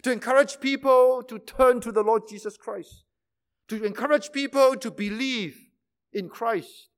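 A man with a high voice preaching a sermon. He talks emphatically, builds his points through repetition, and keeps asking rhetorical questions. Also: a little slow.

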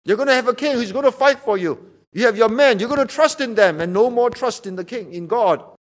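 A man's voice: very high-pitched, expressive, a little fast. A man preaching a sermon, emphatic and repeating rhetorical questions to drive his point home.

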